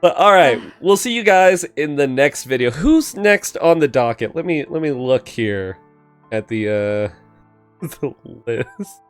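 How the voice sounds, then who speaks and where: A man's voice: mid-range voice, animated, unhurried, soft background music. A man hosting a podcast, joking casually with his guest. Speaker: podcast host.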